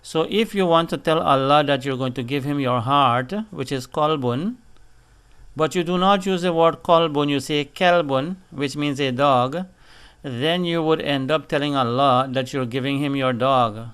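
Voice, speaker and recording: A man's voice: mid-range voice, moderate pace, a bit bright, clean tone. A man teaching a language lesson, patiently spelling out letters and syllables one by one.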